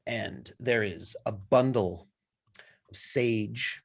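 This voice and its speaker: Slow, gravelly game master narrating. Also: male voice, lowish voice. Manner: unhurried descriptive narration with pauses.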